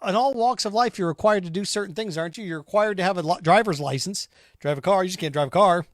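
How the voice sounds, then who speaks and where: A man with a high, bright-pitched voice rants through a sports talk monologue, combative and sarcastic. He fires rhetorical questions and scoffs at his critics. The sound is dry and close. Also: fast talker, dry recording. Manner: combative, sarcastic, mocks imagined callers in put-on voices. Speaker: sports radio host.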